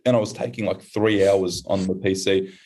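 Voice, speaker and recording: A young man with an Australian accent, a podcast guest, telling a story casually and putting on high voices when he quotes others. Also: normal speed. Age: young adult. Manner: animated, acts out quoted voices in high pitch.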